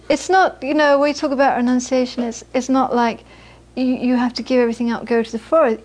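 A woman's voice: sits high, level tone, brisk, hardly any pauses, darkish tone. A woman giving a Buddhist dharma talk to a small audience, telling anecdotes and often repeating words as she searches for phrasing. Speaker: Buddhist teacher.

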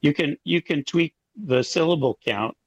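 A man's voice: on the high side, moderate pace, slightly rough, no echo, lo-fi sound. A man from a haiku group explaining syllable tricks in a joking, easygoing way. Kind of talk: casual group interview.

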